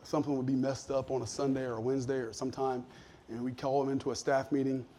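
A man preaching a sermon as a pastor, talking in a conversational way that sinks to soft asides and climbs to emphatic points. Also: mid-range voice, flat delivery, fast talker, slight background noise.

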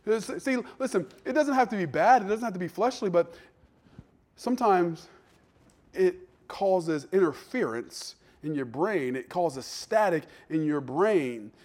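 A man preaching a sermon as pastor to a church congregation, lively, dropping to soft asides and playing out voices. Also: high voice, measured pace.

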